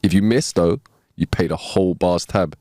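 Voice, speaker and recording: A man's voice: deep voice, normal speed, dark tone, no room sound, studio quality. A man co-hosting a comedy podcast, laid-back and wry as he tells a joke. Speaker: podcast co-host. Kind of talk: casual comedy chat.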